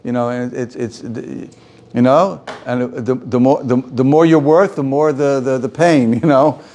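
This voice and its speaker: Rabbi teaching with halting restarts. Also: male voice, medium pitch, steady tone, mellow. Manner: repeats himself, restarts, chuckles, acts out quotes. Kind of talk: informal Torah class discussion.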